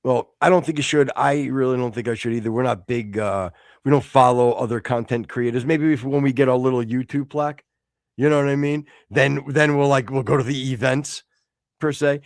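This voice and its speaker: A man's voice: mid-range voice, steady tone, a little fast, dry recording, studio quality. A middle-aged American man hosting a casual live-stream talk show, rambling with stammered restarts and bursts of mock exasperation. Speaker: podcast host.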